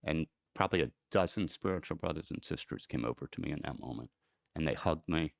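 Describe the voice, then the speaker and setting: A man's voice: extremely low pitch, a little fast, gravelly, no room sound, studio quality. A middle-aged American man, a podcast guest, telling a personal story in an earnest, emotional way. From United States.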